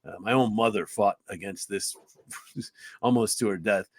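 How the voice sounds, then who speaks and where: This podcast guest is an upstate New York hockey play-by-play announcer in his fifties, telling stories from his career in an unhurried, fairly low voice. The studio sound is clean and dry. He's a lively, earnest talker who keeps restarting, fills gaps with "uh," and raises his voice sharply whenever he imitates what someone else said.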